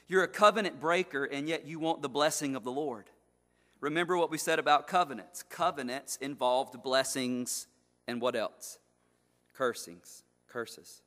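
A man's voice: mid-range voice, fairly bright tone. A man preaching an expository sermon as pastor, with an emphatic, repetitive cadence. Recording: long hall reverb.

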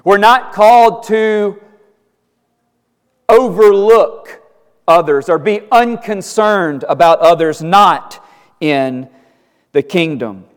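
A man preaching a sermon, deliberate and emphatic, stressing key phrases through repetition. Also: high voice, animated, smooth. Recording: hall reverb.

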